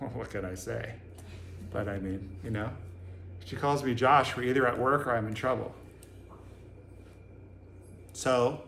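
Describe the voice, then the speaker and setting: Male Zen teacher from Boston, mid-pitched voice, a casual, joking dharma talk full of rhetorical questions, roomy hall with faint background hum. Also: a bit bright. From Boston, USA. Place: meditation hall with a live audience. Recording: echoey room, faint ambience.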